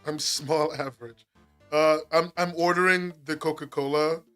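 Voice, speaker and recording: English dude yelling at his chat from home, kinda high voice, swears constantly, faint music in the back. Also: normal speed. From England. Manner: excitable, swears a lot, laughs often. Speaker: streamer. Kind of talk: casual live-stream chat with viewers.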